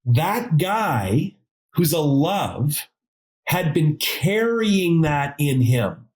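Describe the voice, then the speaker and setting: A man's voice: fairly high pitch, drawn-out words, poor audio. A man being interviewed as a guest, telling stories casually and acting out dialogue with jokey asides. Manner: animated, acts out dialogue in quotes, jokey asides. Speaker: podcast guest, advisor consultant.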